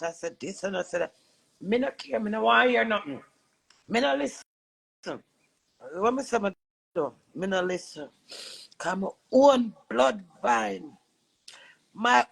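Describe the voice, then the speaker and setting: Jamaican woman, live-stream monologue, gravelly husky voice, earnest, tearful. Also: mid-range voice, poor audio. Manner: earnest, preachy, switching between patois and English. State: recovering from illness, tearful. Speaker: livestreamer.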